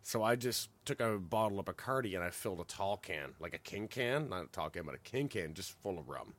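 Low-voiced man telling a lively story. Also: brisk. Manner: animated, swears freely, laughs through his story. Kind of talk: casual chat, storytelling.

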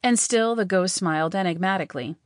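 A woman narrating a story in an audiobook, in a steady, plain way. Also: fairly low pitch, fairly quick, no echo, studio quality.

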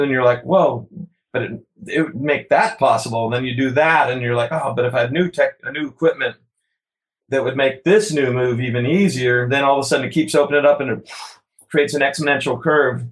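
A man's voice: medium pitch, low-quality recording. A man, a kayaker, talking casually as an interview guest, rambling with many restarts and frequent laughs. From United States.

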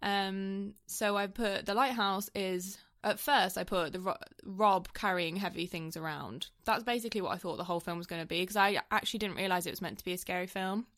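Woman, podcast co-host, giggly, chatty, mid-pitched voice. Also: brisk, few pauses, a bit bright. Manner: giggly, chatty, reading out her notes. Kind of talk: casual film chat.

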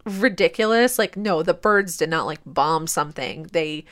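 A woman's voice: on the low side, lively intonation, moderate pace, fairly bright tone. A woman co-hosting a podcast, talking enthusiastically about films in a casual chat. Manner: enthusiastic, talkative. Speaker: podcast co-host. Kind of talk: casual film discussion.

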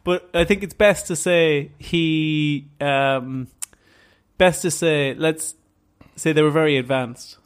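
A man's voice: fairly high pitch, clean tone. A man co-hosting a podcast, reading a scripted story and then hedging playfully when he is questioned. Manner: reads in measured tones, then hedges and stalls playfully when questioned. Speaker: podcast co-host presenting the story. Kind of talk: scripted narration mixed with casual banter.

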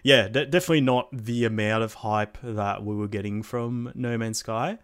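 Aussie guy rambling about games, lowish voice, lots of ums and restarts, dry close mic. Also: fairly even intonation, moderate pace, fairly bright tone, clean tone, no room sound. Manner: rambling with many fillers and restarts, swears casually. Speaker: podcast co-host. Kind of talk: casual chat about video games.

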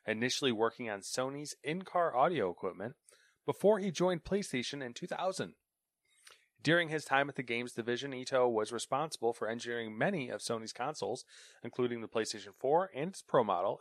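Regular-pitched guy cohosting, lively and jokey, dry close mic. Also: no room sound. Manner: animated, acts out little skits. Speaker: co-host reading gaming news. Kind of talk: casual podcast chat.

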